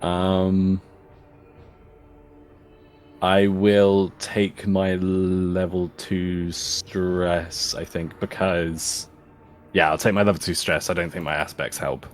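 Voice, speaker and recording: A man's voice: deep voice, level tone, slow pace, soft background music. A young man playing a tabletop game, hesitant and searching for words. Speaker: player. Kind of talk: casual tabletop play.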